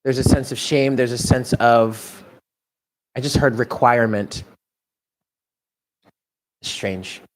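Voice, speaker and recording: A man's voice: medium pitch, steady tone, slow, long pauses. A man doing a live tarot reading, talking in a musing, chatty way and often laughing to himself. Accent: New York. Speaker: tarot reader.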